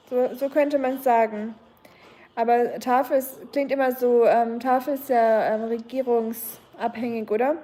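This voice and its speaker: A young German woman, German-accented, casually reads and responds to viewer comments on her livestream, hesitating with many ums. Her voice is a little high with a dark tone.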